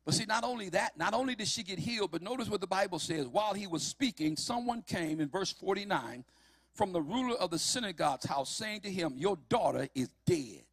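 A man preaching a sermon, emphatic and building to shouts on key lines. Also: sits high, animated, fairly quick, no room sound.

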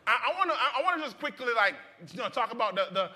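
High, bright-voiced preacher man. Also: very animated, quick pace. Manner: repetitive, stumbling restarts, call-and-response with the congregation. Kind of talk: sermon. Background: congregation answering.

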